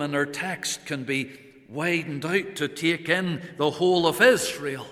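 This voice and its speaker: A male preacher giving a sermon, earnest, swelling on key words and then dropping to a hush. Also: on the high side, unhurried. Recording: long reverb of a large church.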